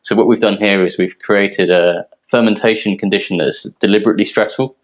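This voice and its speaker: A man from a yeast company presenting technical details in a relaxed, explanatory way, with frequent ums. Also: on the low side, a little fast, low-quality recording. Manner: explanatory, filler-heavy, relaxed.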